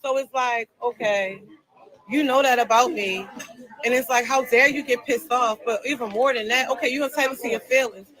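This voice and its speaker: High, bright-voiced woman talking emphatically. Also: poor audio. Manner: emphatic, repetitive, fast storytelling. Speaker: live-stream speaker. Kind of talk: casual live-stream talk.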